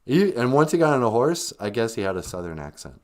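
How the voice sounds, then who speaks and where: A man's voice: mid-range voice, big pitch swings, quick pace. Rambling, sarcastic male podcast host. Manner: sarcastic, rambling, mock-grumpy. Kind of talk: comedic rant on a live stream.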